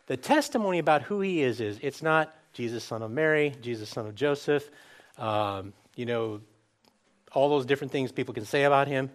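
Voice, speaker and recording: A man preaching a sermon, asking the listeners questions and acting out scripture quotes in lively voices. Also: fairly high pitch.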